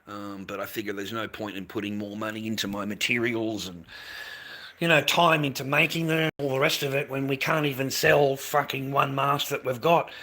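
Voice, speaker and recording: A man's voice: mid-range voice, fairly even intonation, moderate pace, sharp tone. A middle-aged Australian man chatting casually on a livestream, rambling and repeating himself, calling viewers mate and swearing now and then. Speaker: livestreamer selling handmade masks.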